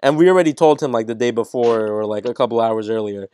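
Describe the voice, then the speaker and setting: A teenage man, a podcast co-host, excitedly telling a funny story on an online group call, swearing and laughing as he goes. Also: medium pitch, fast, clean tone, no echo. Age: teens. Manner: animated, swearing, laughing at his own story. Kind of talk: casual storytelling.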